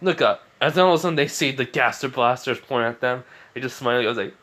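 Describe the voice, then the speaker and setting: A man's voice: mid-range voice, quick pace, fairly bright tone. A man casually telling a homemade fan story, rambling and chuckling as he goes.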